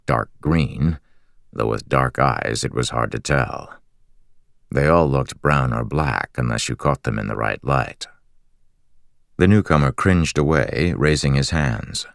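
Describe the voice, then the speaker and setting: Very deep, gravelly male narrator. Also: dry recording, clean studio sound. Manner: measured, steady storytelling. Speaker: audiobook narrator. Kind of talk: scripted fantasy narration.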